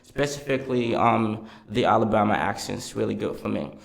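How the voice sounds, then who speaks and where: A man on a podcast giving motivational advice, padding his sentences with "um" and "just". His voice has a gravelly edge, and he speaks as an at an ordinary pitch. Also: moderate pace. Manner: encouraging, motivational, many fillers. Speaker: podcast co-host. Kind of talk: casual chat.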